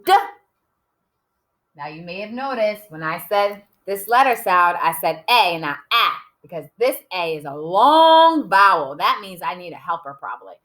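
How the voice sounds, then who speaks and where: A woman teaching an early-grade writing lesson, sounding out words letter by letter in a sing-song way, with sudden excited calls and soft near-whispers on quiet sounds. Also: fairly low pitch, moderate pace, few pauses.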